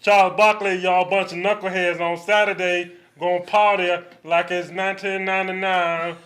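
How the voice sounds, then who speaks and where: A man's voice: sits high, level tone, moderate pace, fairly bright tone. A man doing a brash, boisterous male sports pundit impression while reading a forecast.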